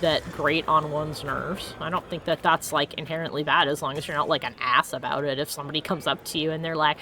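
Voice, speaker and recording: A woman streaming a video game, chatting casually, reacting loudly and laughing often. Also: deep voice, fairly even intonation, a little fast, a little hiss or hum. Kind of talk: casual let's-play chat.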